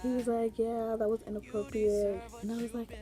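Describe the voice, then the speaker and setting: A woman's voice: fairly high pitch, level tone, normal speed, music in the background. A young woman telling a story on her vlog in a rambling, chatty way, full of fillers and giggles. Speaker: vlogger. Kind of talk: casual storytime chat.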